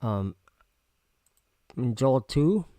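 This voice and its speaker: A man casually reading scripture aloud and musing on it for his viewers, pausing and restarting as he goes. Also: mid-range voice, sing-song, mellow, no room sound, clean studio sound. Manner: reads aloud with pauses and restarts. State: talking with candy in his mouth. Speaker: video host.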